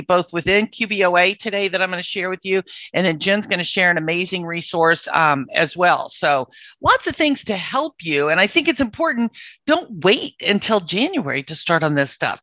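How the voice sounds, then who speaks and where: A woman with a bright, forceful voice leads a software walkthrough for accountants, explaining each step in an upbeat tone and laughing easily. She is on a computer mic on a video call, and the sound is slightly dull and dry. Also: mid-range voice, no echo. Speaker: webinar presenter for accountants. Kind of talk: screen-share software walkthrough.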